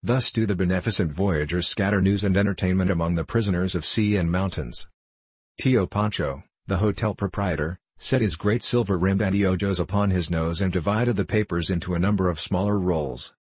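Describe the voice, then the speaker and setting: A man reading a classic short story aloud in a measured, plain storytelling manner. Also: low voice, slightly rough, dry recording. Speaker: audiobook narrator.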